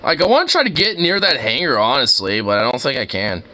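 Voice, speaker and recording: A man giving casual, excitable commentary while browsing street view, slangy and laughing often. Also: medium pitch, fast talker. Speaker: streamer.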